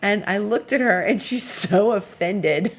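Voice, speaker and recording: A woman's voice: medium pitch, unhurried, a little hiss or hum. A woman astrologer giving a casual weekly forecast, chatty and meandering with plenty of fillers.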